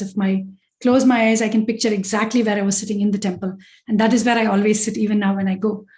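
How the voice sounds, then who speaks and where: A woman's voice: fairly high pitch, mellow. A middle-aged woman earnestly telling personal devotional stories as a guest speaker over a video call. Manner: heartfelt, earnest storytelling. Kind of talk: personal spiritual testimony.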